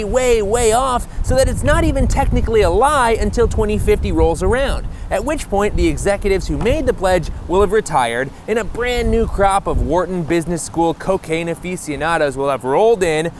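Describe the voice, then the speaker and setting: A man's voice: high-pitched, expressive, moderate pace, hardly any pauses, background noise. A man hosting a comedic explainer video, delivering narration with sarcastic, jokey, mock-indignant asides. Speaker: host.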